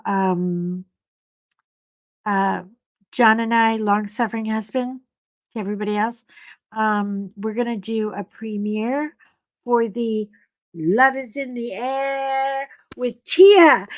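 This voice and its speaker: A middle-aged woman hosts a casual live chat and rambles through family stories, laughing as she goes. Her voice sits fairly high. The sound is close and dry, with no room around it. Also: slow, dry recording. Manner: chatty, rambling, laughing storyteller. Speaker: host.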